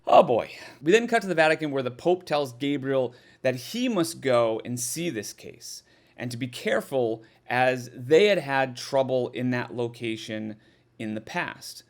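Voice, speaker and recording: A man's voice: mid-range voice, creaky. A man giving a casual, sarcastic spoken review of a horror film, swearing freely and sounding exasperated.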